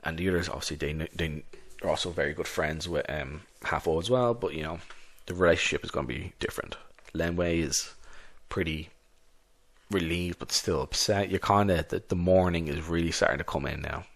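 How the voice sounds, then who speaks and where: A man's voice: deep voice, brisk, a bit bright. A man narrating a solo tabletop game in a casual, rambling way. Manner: casual, rambling, many restarts.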